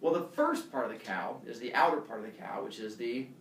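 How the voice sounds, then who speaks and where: Animated man telling a class a myth. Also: medium pitch, fairly quick, slight background noise. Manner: playful, animated, quizzing pupils. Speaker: teacher. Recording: echoey classroom from far off.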